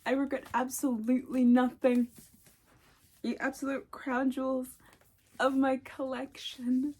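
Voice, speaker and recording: Gushing high-voiced young woman, slow-paced. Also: husky. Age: young adult. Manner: gushing, excitable, repeats herself, gasps and whispers. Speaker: booktuber. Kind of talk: casual vlog chat.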